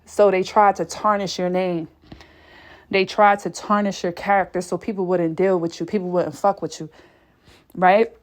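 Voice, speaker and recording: A woman's voice: lowish voice, steady tone, normal speed. A woman giving a fervent spiritual reading, out of breath, swearing casually and exclaiming often. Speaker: spiritual reader.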